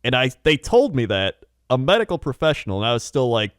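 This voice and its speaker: A man's voice: mid-range voice, big pitch swings, fairly quick, few pauses, dry recording, clean studio sound. A young man co-hosting a podcast in casual chat, telling rambling stories with frequent laughs and acted-out quotes. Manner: rambling storyteller, laughs often, acts out quotes. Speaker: podcast co-host.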